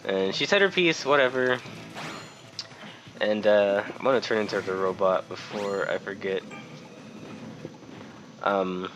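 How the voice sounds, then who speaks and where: A man's voice: on the low side, a little slow, pauses often, fairly bright tone, highs cut off, soft background music. A young man casually commenting on a game he is playing while telling a rambling story, swearing freely and sounding exasperated. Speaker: gameplay commentator. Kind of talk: casual let's-play storytelling.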